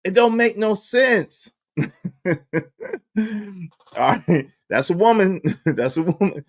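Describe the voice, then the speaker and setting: Exasperated high-voiced man ranting. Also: expressive, slow pace. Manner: exasperated, mocks critics in put-on voices; repeats phrases for emphasis, laughs between lines. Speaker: commentary channel host. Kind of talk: ranting commentary to a live chat.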